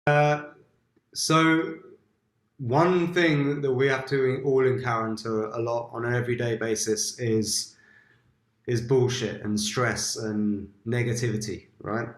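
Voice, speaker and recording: A man hosting an interview over a video call, asking slow, searching questions. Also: medium pitch, steady tone, reverberant. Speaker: host.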